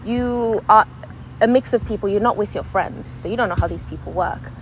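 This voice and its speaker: Animated young woman chatting casually. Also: medium pitch, fairly quick, slight background noise. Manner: animated, acts out quoted voices. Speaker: podcast co-host. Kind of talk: casual chat.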